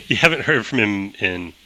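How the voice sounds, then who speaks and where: A man's voice: lowish voice, pushed and bright, slight background noise, rough recording. A man narrating as game master of a tabletop game, chatty, laughing often and using many fillers.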